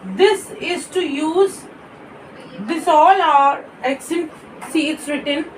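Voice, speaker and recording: A woman's voice: sits high, slow, distant mic, slight background noise, poor audio. A woman teaching a beginners' French lesson, explaining patiently and repeating each word, with small slips in her English.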